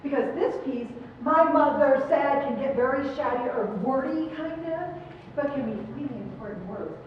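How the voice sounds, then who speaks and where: A woman's voice: high-pitched, moderate pace, a little hiss or hum. A middle-aged woman giving encouraging choral clinic feedback to a choir, asking the singers questions. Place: large performance hall. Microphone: distant room mic. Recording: echoey hall, distant mic, muffled.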